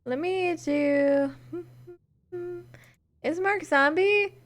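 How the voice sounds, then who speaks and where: This esports caster, a woman, speaks at an extremely high pitch and an extremely slow pace while casting a tournament live on her own. Between games she chats with viewers and thanks them.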